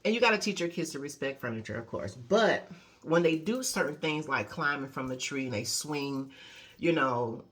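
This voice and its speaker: Animated woman life coach talking casually. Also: moderate pace. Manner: animated storyteller, acting out quotes with big pitch jumps; conversational, many "you know" and "okay?" tags. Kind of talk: casual motivational talk.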